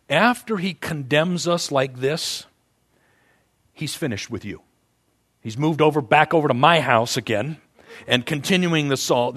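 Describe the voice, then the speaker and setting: A man's voice: medium pitch, fairly bright tone. Emphatic man preaching a sermon. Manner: emphatic, conversational, repeats words when building up. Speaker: pastor.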